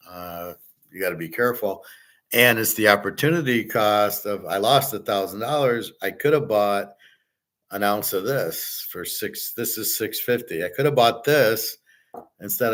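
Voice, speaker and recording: In an unhurried, lowish, slightly bright voice, a man runs a casual livestream on betting and gold. He talks bluntly and in a rambling way, cursing and answering chat comments.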